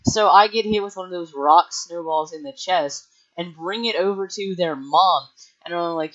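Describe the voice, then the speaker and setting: A man's voice: high-pitched, measured pace, a bit bright. Young man, casual storytelling vlogger, rambling delivery, muffled home-mic sound. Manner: rambling, heavy use of filler words and restarts. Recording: dull lo-fi mic.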